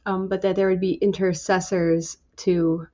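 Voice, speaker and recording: A woman leading a Bible study, slowly working through scripture word by word in a halting, musing, tentative way. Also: lowish voice, flat delivery, warm tone, dull audio.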